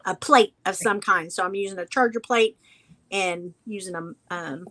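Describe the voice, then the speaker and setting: A woman's voice: mid-range voice, moderate pace, bright, forceful tone. A woman from Illinois co-hosting a craft chat, chatty as she describes her supplies. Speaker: craft show co-host. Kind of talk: casual chat while crafting.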